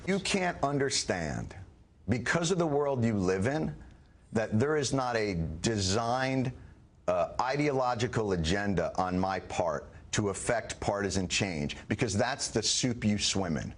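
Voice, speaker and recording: A middle-aged man defends himself in a televised interview, his voice rising and falling widely as he argues. He talks emphatically and pushes back fast, pressing each point. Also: fairly low pitch, animated. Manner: emphatic, argumentative, quick rebuttals. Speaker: comedian and guest. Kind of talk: heated TV interview debate.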